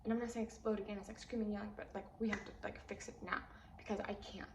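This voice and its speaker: A young woman telling an emotional personal story in a rambling way, full of "like", and her voice jumps up high when she vents. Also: level tone, fast. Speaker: vlogger. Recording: echoey room with faint hiss.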